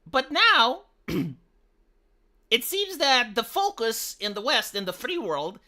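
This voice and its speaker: A male live streamer from Romania rants with heated, profane indignation. His voice is very bright and sharp-edged, and his pitch swings widely as he restarts his sentences. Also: big pitch swings, slow. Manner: stumbling restarts. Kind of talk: ranting commentary on a live stream.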